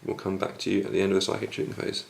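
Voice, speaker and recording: A man recapping his turn in a tabletop wargame battle report, going hoarse as he loses his voice. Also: low-pitched, rapid-fire. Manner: steady recap of dice results. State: losing his voice. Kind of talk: casual battle report commentary.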